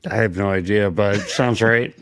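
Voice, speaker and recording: A man's voice: lowish voice, steady tone, normal speed, smooth, dry recording, studio quality. A male podcast co-host telling rambling stories in casual chat, laughing as he goes.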